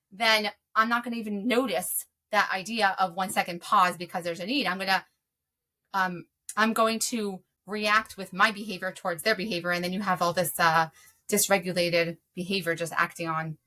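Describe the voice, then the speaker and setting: Woman guest chatting about parenting, bright clear voice, earnest, lots of ums, middle pitch. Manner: earnest, explanatory, frequent ums. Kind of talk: conversational advice.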